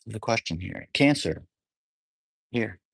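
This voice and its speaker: Solo male host, very deep and unhurried, dry close sound, thinks aloud and rephrases often. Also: animated, creaky, fairly bright tone, slightly rough, dry recording. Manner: musing, often rephrasing and trailing off mid-thought; asks the listener reflective questions. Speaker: astrologer. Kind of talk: unscripted solo monologue.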